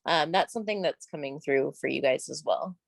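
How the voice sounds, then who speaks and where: Woman with a low voice chatting thru a tarot reading, laid back, dry sound. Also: a little fast, creaky, no echo. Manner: relaxed and conversational, with many fillers. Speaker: tarot reader. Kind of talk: casual pick-a-card tarot reading.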